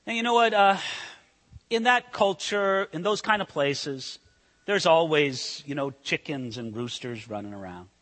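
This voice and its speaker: A male pastor delivers a sermon in a bright, sharp voice that climbs high and dips low. He swings from loud emphasis to hushed intensity. His voice carries a long reverb, as if in a large hall. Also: animated, a little slow.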